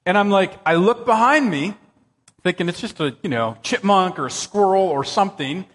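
A male pastor with a high voice that swoops all over the place as he tells his story. He is animated and excitable in his telling. His words ring out with a long reverb across a church hall. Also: moderate pace. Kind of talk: sermon with personal storytelling.

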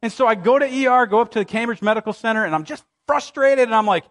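A man in his thirties, a pastor, preaching a sermon with dramatic scripture reading and lively, conversational storytelling. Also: high voice, fast talker, hardly any pauses. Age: 30s.

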